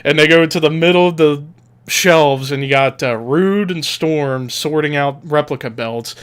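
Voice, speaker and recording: A man's voice: fairly high pitch, moderate pace, clean tone. A man co-hosting a casual podcast, retelling a commercial with lots of energy and acting out the people in it. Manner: animated storyteller, acts out quoted lines in loud voices. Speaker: podcast co-host.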